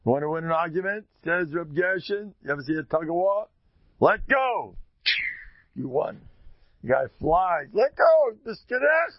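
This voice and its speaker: A man's voice: a little high, brisk, no room sound, muffled recording. A man with a Yeshivish, Yiddish-peppered accent giving an informal religious talk, joking and acting out little dialogues. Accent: Yeshivish English, Yiddish-peppered. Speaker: speaker giving a Torah talk.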